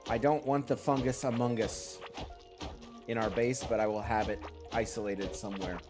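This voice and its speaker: A man's voice: lowish voice, steady tone, normal speed. Congested man chatting over game music. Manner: rambling, chatty, answers viewer chat. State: congested from a lingering cold. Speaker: streamer. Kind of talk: casual gameplay commentary.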